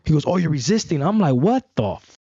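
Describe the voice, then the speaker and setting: A young man telling a story in casual talk, animated and acting out the voices of others. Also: a little high, fast talker, creaky, slightly rough, dry recording, dull audio. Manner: animated, acts out voices in stories, swears a lot. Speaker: guest.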